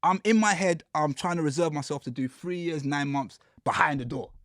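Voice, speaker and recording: A man, a podcast guest telling his story in a casual, animated way. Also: fairly high pitch, fairly quick, dry recording, clean studio sound. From United Kingdom. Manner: animated storyteller, acts out quotes with slang.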